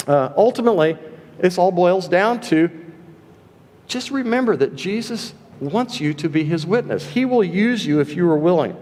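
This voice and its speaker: A man's voice: on the high side, darkish tone. A man preaching in an echoing chapel. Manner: conversational, with frequent ums and uhs; reads quotations aloud with emphasis. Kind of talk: sermon.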